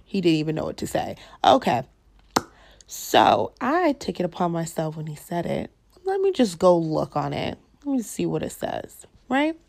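A young woman hosts her own podcast and rants through a story in a blunt, profane way, acting out both sides of the dialogue. Her voice sits a little low and has a gravelly fry. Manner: blunt, profane, animated retelling with quoted dialogue. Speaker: podcast host. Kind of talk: casual storytelling rant.

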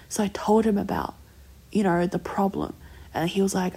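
A young woman telling a long personal story in a casual, rambling way, full of "like" fillers and slipping into soft whispers. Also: medium pitch, little pitch movement, normal speed, husky.

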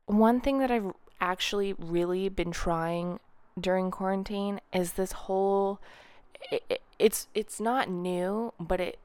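A young woman hosting her podcast, ranting in a casual, sarcastic and petty way, mocking other people's words in a higher voice. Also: smooth, no echo. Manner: chatty, sarcastic and petty, mimicking others in a high voice. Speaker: podcast host.

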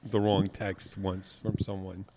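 A man's voice: low-pitched, a little slow. A man co-hosting a radio show, telling a long rambling story in casual on-air chat and acting out the quotes. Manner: rambling, animated, acts out quotes.

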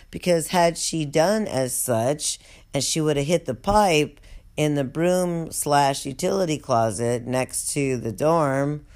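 A casual storyteller rambling through a comic memory, swearing freely and stretching out the asides. The voice is smooth and clear, at a middling pitch. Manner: profane, rambling, drawling asides.

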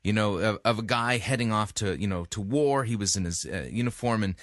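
A man's voice: fairly low pitch, fairly quick, no echo, clean studio sound. A man hosting a casual commentary, rambling with many restarts and fillers and making self-mocking jokes. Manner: joking, self-mocking asides.

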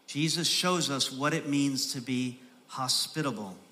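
A man preaching a sermon as pastor, repeating phrases for emphasis and building from soft, slow stresses to raised, urgent delivery. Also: mid-range voice.

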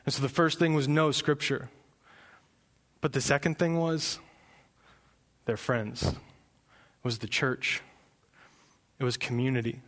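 A man's voice: mid-range voice, a little slow, pauses often. Young male pastor, passionate sermon delivery with rising emphatic peaks. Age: young adult. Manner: impassioned, building to loud emphatic peaks.

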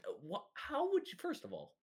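A man's voice: very high-pitched, wildly swooping pitch, fairly quick, sharp tone, voice pushed up, heavily acted. A man voicing a flustered, hot-tempered male company president who sputters and swears in indignation. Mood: outraged.

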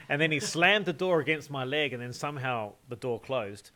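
A man spins a long tale on a podcast in a loose, chatty way. He laughs often and stumbles over repeated words. His voice sits at an ordinary middle pitch. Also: animated, moderate pace, pushed and bright. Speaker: podcast co-host. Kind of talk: casual storytelling.

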